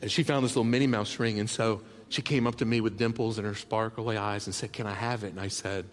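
A man's voice: lowish voice, steady tone, fast talker, slight background noise. Impassioned male pastor preaching. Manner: heartfelt storytelling that swells into loud rallying calls; drops to soft, hushed tones for tender moments. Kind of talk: sermon. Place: large church auditorium. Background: soft background music.

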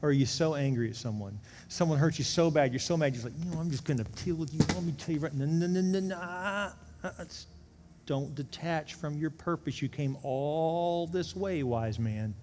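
A man preaching as a pastor, leading an altar call and prayer, swinging from emphatic peaks down to hushed, quiet pleading. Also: fairly high pitch, moderate pace, background noise. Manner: impassioned, rises to emphatic peaks then drops to hushed prayer. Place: large church sanctuary. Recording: long reverb of a big hall, faint ambience.

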